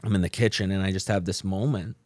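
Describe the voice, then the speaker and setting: A man speaks in a low, relaxed voice as a podcast guest and tells his own story. His talk is slangy and loose, with plenty of fillers and restarts. The sound is dry and close, with no room around it. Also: fast talker, no echo. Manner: laid-back and slangy, with many fillers and restarts. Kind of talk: casual storytelling about his recovery.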